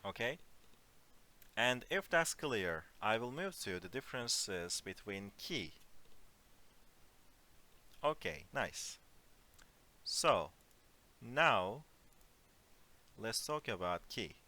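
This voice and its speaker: A man teaching an online Turkish lesson in English, explaining phrases slowly and giving spoken examples. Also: on the low side, big pitch swings, pushed and bright. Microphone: computer mic on a voice call.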